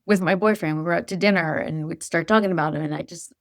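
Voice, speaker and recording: A woman's voice: fairly low pitch, no room sound, clean studio sound. Reflective middle-aged woman guest. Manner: earnest, reflective, halting with restarts. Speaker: podcast guest. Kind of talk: casual chat.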